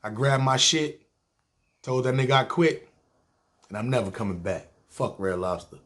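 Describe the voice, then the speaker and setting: A man's voice: mid-range voice, expressive, moderate pace, fairly bright tone. A man with a New York accent telling a long personal story in a casual, profane, streetwise way, acting out other people's lines. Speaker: storyteller, podcast host.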